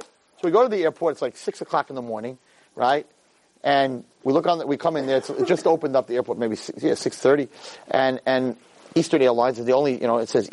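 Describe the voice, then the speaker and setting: A man giving a Torah lecture as an animated personal story, acting out the dialogue. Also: brisk, no echo. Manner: animated, acts out dialogue with big swings in pitch.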